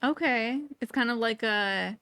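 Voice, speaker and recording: Her voice is a little high, sharp and clean as this young woman co-hosts a podcast. She keeps things casual and playful, laughing a lot and darting off on quick tangents.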